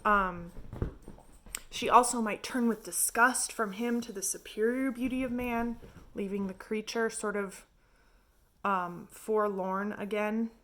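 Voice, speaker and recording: A woman's voice: mid-range voice, fairly bright tone. A woman reviewing a novel in casual, chatty talk full of filler words. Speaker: book reviewer. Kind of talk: casual chat.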